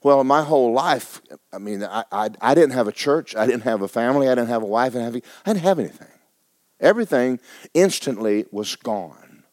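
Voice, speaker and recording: A middle-aged man preaching a sermon as pastor, telling a personal story with stammering restarts and sudden swings between hushed and loud. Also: mid-range voice, expressive, a little fast, no echo, clean studio sound.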